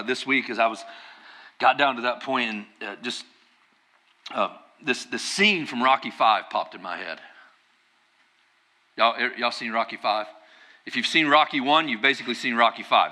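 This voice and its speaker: Delivering a sermon conversationally and at ease, this medium-pitched male pastor has a very bright, ringing tone. To make a point, he rises into driving, emphatic bursts.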